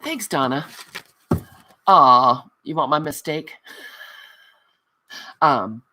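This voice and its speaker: A woman hosting a craft livestream, chatting casually, reading out viewer comments and answering them with affectionate, giggly warmth. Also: low-pitched, expressive, very slow. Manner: affectionate, calls viewers honey; giggly and self-mocking. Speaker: crafting channel host.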